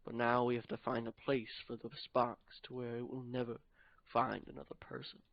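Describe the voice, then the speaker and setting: Calm old-soul wizard, reassuring and unhurried, gravel in the voice, as a man puts him on. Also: mid-range voice, dry recording, natural voice. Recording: dull dry lo-fi recording.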